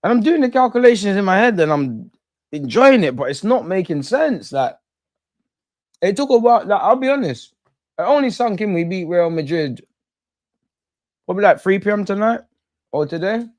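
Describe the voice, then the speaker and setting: A man hosting a live football watch-along, chatting in excitable, slangy banter with his viewers. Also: sits high, normal speed, long pauses, no room sound. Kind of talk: live fan commentary and chat.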